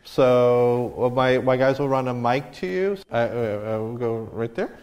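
A man moderating a live onstage interview, briskly moving on to audience questions. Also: medium pitch, darkish tone, muffled recording.

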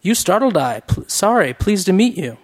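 A man voicing a cheerful, loud office worker who speaks with a labored, exclamatory Jamaican accent. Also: high voice, very animated, moderate pace, voice pushed up. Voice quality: overloud, gummy, exclamatory.

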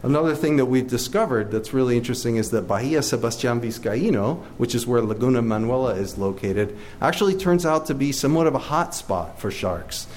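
A middle-aged man talks an audience through his slides, friendly and enthusiastic, often pausing on "uh" and restarting. His voice sits at an ordinary middle pitch. Faint room noise hums underneath. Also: a little mellow. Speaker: shark research biologist giving a slide talk. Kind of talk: public lecture with slides.

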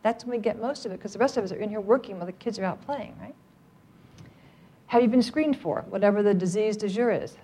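A woman's voice: medium pitch, fast, warm tone, husky. A middle-aged woman training a live audience, upbeat and joking as she coaxes them to speak up. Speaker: workplace trainer on cancer outreach.

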